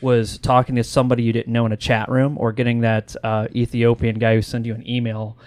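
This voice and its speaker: Regular-voiced dude rambling on a podcast, keeps restarting, dry mic. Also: male voice, mid-range voice, flat delivery, a little fast, darkish tone, no room sound. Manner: rambling, repeats words and restarts. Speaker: podcast co-host. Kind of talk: casual podcast chat.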